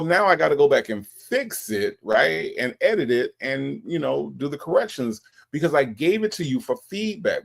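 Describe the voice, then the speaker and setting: A man's voice: mid-range voice, gravelly. A man hosting a casual reaction show, commenting on a clip and reading viewer comments in an exasperated, profane way. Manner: animated, exasperated, profane, addresses viewers as y'all.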